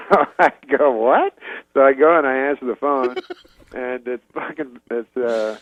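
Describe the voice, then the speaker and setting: A man from Canada, a guest comedian, telling a long story in a meandering, deadpan way with trailing asides. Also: mid-range voice, normal speed, no room sound. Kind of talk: podcast storytelling. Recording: dull dry recording.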